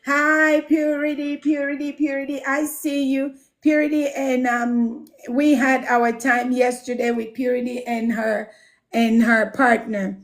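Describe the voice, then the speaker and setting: A woman's voice: high voice, flat delivery, a little slow. A woman hosting a casual livestream, chatting with viewers, reading out their comments and greeting them by name with plenty of laughter. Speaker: livestream host and home care business mentor.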